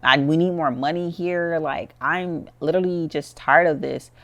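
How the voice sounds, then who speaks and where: A woman's voice: low-pitched, moderate pace, highs cut off. A stressed, fed-up teenage boy from a life-sim game, as a woman voices him in her own everyday voice. He vents in a frustrated, chatty ramble, leaning on "like" between thoughts. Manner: frustrated, chatty, says "like" often.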